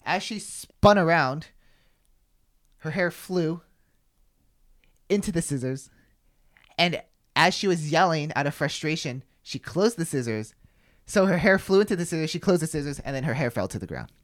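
A man's voice: on the high side, animated, normal speed, pauses often. Young man rambling through a story. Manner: rambling storyteller, swears freely, many "like" fillers. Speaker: podcast host. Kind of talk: casual chat.

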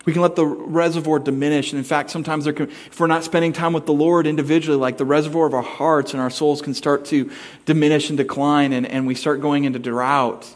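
Lively man preaching with animated stories. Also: on the high side, quick pace. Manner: animated storytelling, acts out voices and sounds. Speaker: pastor. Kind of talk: sermon with a personal story.

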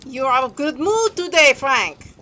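A woman's voice: high-pitched, lively intonation, a little slow, sharp tone, a little hiss or hum, full character voice. A woman playing a teasing, motherly German baker with a German accent. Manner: teasing, scolding. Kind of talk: audio drama acting.

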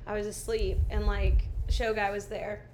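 With a mid-range voice at a moderate pace, a young woman co-hosts a casual podcast and tells a story full of swearing and frequent laughter. Her delivery is animated, and there's slight hiss or hum on the recording.

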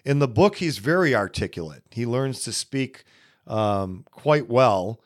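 Man, podcast host, solo film talk, very slow pace, mid-pitched voice, pauses to think. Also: animated. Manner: unhurried, musing, many pauses. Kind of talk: casual solo film commentary.

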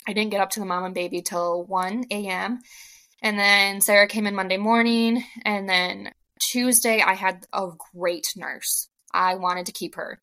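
Young woman chatting on a podcast, bright voice, lots of "like", acts out what people said. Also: mid-range voice, normal speed. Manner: animated, acts out quoted dialogue, frequent "like". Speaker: podcast guest. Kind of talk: casual storytelling.

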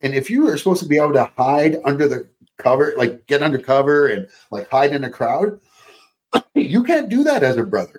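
A man's voice: a little high, fairly quick. A Canadian man, an actor appearing as a podcast guest, chatting casually and animatedly while swearing freely. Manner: animated storyteller, swears casually, puts on accents. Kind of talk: casual chat.

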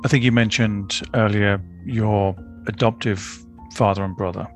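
A man with a lowish voice asks his guest gentle follow-up questions about his story. Soft music plays faintly under the talk. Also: fairly even intonation, measured pace. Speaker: interviewer. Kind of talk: interview questions.

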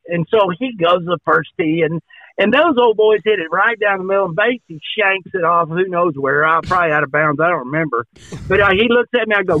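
A golf podcast co-host from Oklahoma tells a story in a high voice, acting out both sides of each exchange. The sound is dry and narrow, like a phone line. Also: male voice, brisk, no room sound. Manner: animated anecdote-telling, acts out dialogue. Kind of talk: casual storytelling.

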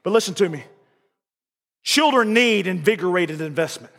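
A male pastor preaching a folksy sermon, repeating lines and building to shouts. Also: high-pitched, expressive, normal speed, gravelly. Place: church sanctuary. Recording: reverberant church hall.

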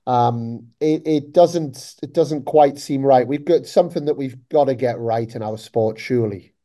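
A man's voice: medium pitch, a little slow, warm tone. A man hosting a tennis podcast, upbeat and chatty and tired after a long flight. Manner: upbeat, talks in long run-on lists. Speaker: podcast host. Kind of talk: casual chat.

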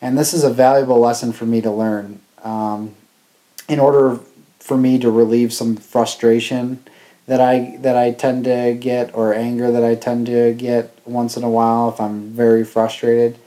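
A man earnestly recounting lessons from a ceremony, in a halting, reflective conversational way. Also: mid-range voice, level tone, mellow. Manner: earnest, halting with fillers and restarts. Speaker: travel vlogger.

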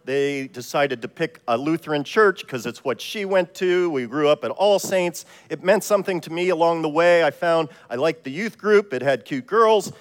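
A man from Ohio preaches in a casual, self-deprecating way, telling stories as he goes. His voice sits high for a man, and the long reverb of a church sanctuary trails after each phrase. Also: expressive, moderate pace, hardly any pauses, smooth. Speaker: pastor. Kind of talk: sermon.

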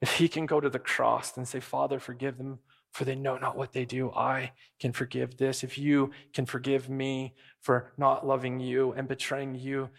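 Male pastor, sermon delivery, animated, mid-range voice, acts out quotes. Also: medium pitch, vocal fry.

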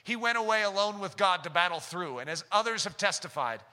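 A man preaching a sermon who builds to impassioned, shouted prayer. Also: high voice, lively intonation, a little fast. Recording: long hall reverb.

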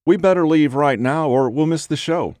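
Impatient young woman, sharp and urgent, voice pushed up high, as a male narrator puts her on. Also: moderate pace, no echo, clean studio sound, lightly acted. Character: impatient young woman who hates the dog.

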